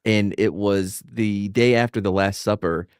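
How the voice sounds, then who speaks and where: A man's voice: lowish voice, measured pace, smooth, no room sound, clean studio sound. A man on a podcast panel, telling stories with lots of asides. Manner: lively storyteller, lots of fillers and asides. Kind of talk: casual chat.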